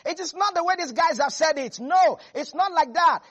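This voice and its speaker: Preacher doing a bold guy yelling at the crowd to calm down and go, high and loud. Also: normal speed. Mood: urgent. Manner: loud, urging. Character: bold, urgent man rallying a crowd.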